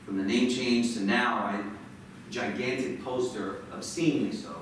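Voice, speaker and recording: At a school event, a guest author fires up the crowd in a big lecture hall and pushes them to chant along. He has a medium pitch, fairly even intonation and moderate pace. It's captured from far off in an echoey hall, with a bit of hiss or hum.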